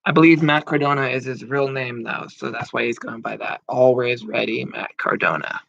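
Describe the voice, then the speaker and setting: His voice is medium-pitched, creaky and a bit bright, moving at a normal speed, as this thirty-something wrestling commentator rambles casually through predictions. Fillers and casual swearing come up often. The recording is dry, muffled and lo-fi, with no room sound.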